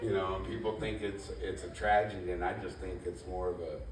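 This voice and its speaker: His voice is deep, his delivery flat and a little fast. This first-time stand-up comedian rambles casually through a club routine, self-deprecating and full of "you know." It's a noisy recording from an echoey room, picked up by a mic at a distance.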